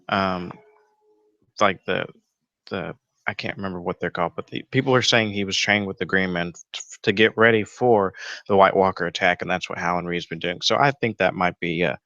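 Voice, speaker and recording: A man's voice: sits low, sharp tone, no echo, dull audio. A man hosting a casual fan theory show from home, rambling with lots of fillers and the odd swear. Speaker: YouTube show host. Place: home room with a roommate nearby.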